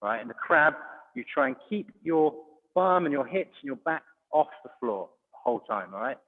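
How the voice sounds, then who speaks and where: A man's voice: fairly high pitch, lively intonation, normal speed. A man coaching a children's online exercise class, encouraging and calling out commands. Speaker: judo coach. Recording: phone-like audio, long hall reverb.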